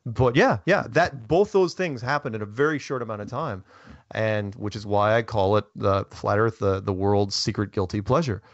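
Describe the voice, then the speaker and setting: A man telling casual anecdotes as a talk-show guest, rambling and animated, acting out the people he quotes. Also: lowish voice, normal speed, no room sound. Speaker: guest speaker. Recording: dull lo-fi audio.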